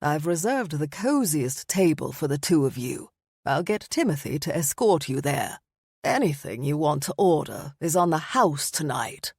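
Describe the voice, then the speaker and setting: A woman voicing a suave old male vampire pub owner with a British accent, polished and gently joking. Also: low voice, very animated, moderate pace, slightly rough, no echo, studio quality, full character voice. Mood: gracious.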